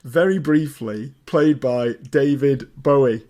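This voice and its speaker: A man co-hosting a casual podcast, chatty and jokey, getting loud when excited. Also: medium pitch, slow. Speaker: podcast co-host. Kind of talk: casual chat.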